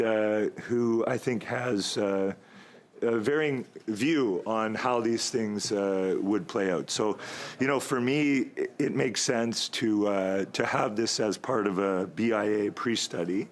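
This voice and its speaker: A man speaking as a member of parliament at a committee, delivering a long, halting floor speech with many pauses and a slightly hoarse voice, at times jabbing at his opponents. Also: on the low side. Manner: rambling, halting, stalling for time; argumentative toward opponents.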